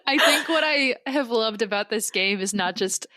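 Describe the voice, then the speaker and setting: A woman's voice: fairly high pitch, animated, normal speed, pushed and bright, no echo, clean studio sound. A young woman co-hosting a podcast in casual chat, giggling often and acting out voices as she talks. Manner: giggly, acts out quoted voices. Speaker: podcast co-host.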